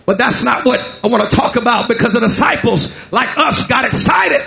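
Shouting high-voiced male preacher, gravelly. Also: moderate pace, few pauses, slight background noise. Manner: chanting, shouted preaching with many "uh" fillers. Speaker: pastor. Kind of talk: sermon.

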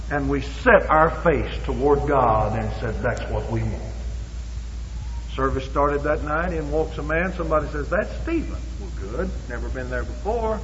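A man's voice: fairly high pitch, animated, normal speed, slight background noise. A man preaching a Pentecostal sermon with fervent emphasis, acting out bits of dialogue, in a church or revival hall. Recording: echoey hall, dull lo-fi.

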